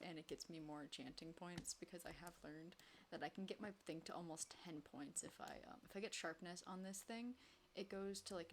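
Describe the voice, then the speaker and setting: A woman's voice: on the low side, a little hiss or hum. A woman streaming herself playing a game, chatting casually to herself and her chat, often breaking into little exclamations and sing-song lines.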